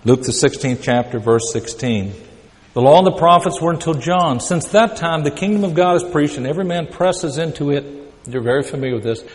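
A man's voice: on the high side, a little fast, in a large hall. A man preaching a sermon in a conversational but emphatic way, often repeating words as he builds a point.

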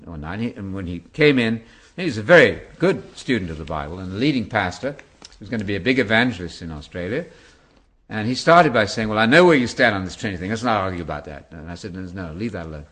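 Man, 70s, Bible teacher in interview; animated, emphatic, swings widely in pitch. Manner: animated, emphatic preacher-like delivery. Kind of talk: interview answers.

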